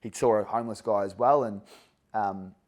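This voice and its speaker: A man's voice: fairly low pitch, moderate pace, darkish tone. An Australian man hosting a podcast interview, chatting in a friendly, matey way and drawing his guest out. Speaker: podcast host. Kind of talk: casual interview chat.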